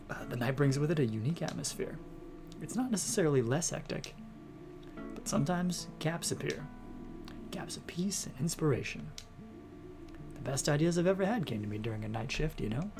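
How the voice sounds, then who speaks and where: Man voicing a thoughtful older-sounding doctor, unhurried and kind, over game music. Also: medium pitch, lightly acted. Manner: calm, slow, fatherly storytelling. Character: reflective middle-aged male senior doctor.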